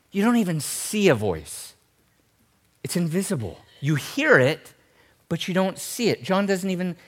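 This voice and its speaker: High-voiced animated man preaching. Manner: animated, jokey, talks straight to the congregation. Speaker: pastor. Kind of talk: sermon.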